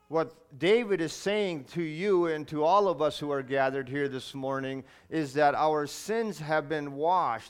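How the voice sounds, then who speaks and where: Smooth-voiced man preaching a sermon. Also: on the high side. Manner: earnest preaching, asks questions of the listeners. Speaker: pastor. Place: church.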